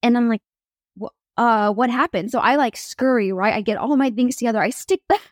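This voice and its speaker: Animated woman telling a faith story. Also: fairly high pitch, a little fast, dry recording, clean studio sound. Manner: animated, acts out quoted voices. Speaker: guest. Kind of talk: personal testimony storytelling.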